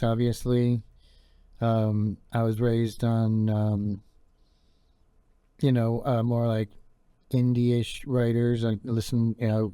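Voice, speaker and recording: A man's voice: medium pitch, warm tone, clean tone, no echo. A young man hosting a podcast, talking in a meandering, laid-back monologue full of fillers. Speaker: podcast host. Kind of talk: rambling casual monologue.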